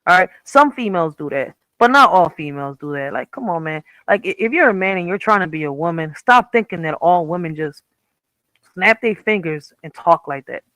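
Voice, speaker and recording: A woman's voice: lowish voice, expressive, brisk, fairly bright tone, no room sound, low-quality recording. A woman hosting a reaction stream, blunt and profane, ranting casually and checking in with the audience often. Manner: blunt, profane, keeps saying "all right?". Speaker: streamer host.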